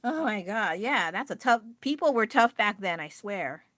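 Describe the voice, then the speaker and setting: A woman's voice: mid-range voice, animated, normal speed, fairly bright tone, dry recording, studio quality. A woman with an American accent chatting casually on a livestream, rambling and laughing often as she answers her chat. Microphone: phone.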